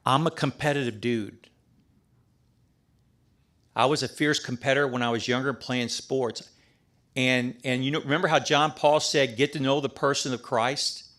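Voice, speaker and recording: A middle-aged priest giving a talk at a men's prayer breakfast, in a folksy, emphatic conversational sermon. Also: male voice, medium pitch, steady tone, normal speed, pauses often, fairly bright tone. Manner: folksy and emphatic, with restarts and asides.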